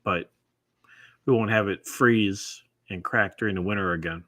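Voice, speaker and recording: Low-voiced male co-host with a bright tone; laid-back, halting chat, dry sound. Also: no echo. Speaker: podcast co-host. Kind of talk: casual podcast chat.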